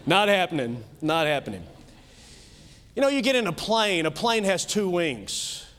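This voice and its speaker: A pastor with a Kentucky accent preaches a sermon emphatically, swinging between loud and soft and tossing in quick asides. His voice is high and sing-song.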